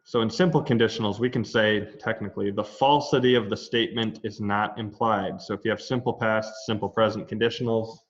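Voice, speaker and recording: A man's voice: lowish voice, steady tone, brisk, hardly any pauses. A man teaching a Latin grammar lesson in an online class, explaining in a loose conversational way with asides. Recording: dull lo-fi online class audio.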